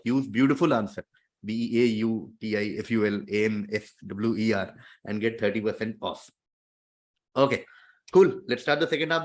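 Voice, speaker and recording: A man with an Indian English accent runs a quiz show in a steady, explanatory manner. His voice sits in an ordinary middle register. He sprinkles in small fillers as he reads out questions and scores. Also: medium pitch. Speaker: quizmaster.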